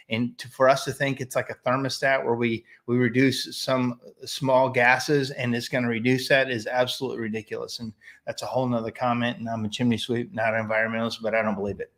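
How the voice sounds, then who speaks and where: An American chimney sweep hosts a weekly live business stream, speaking straight to his viewers in a loose, rambling monologue. He comes across as opinionated, and his voice sits at an ordinary middle pitch with a slightly bright tone.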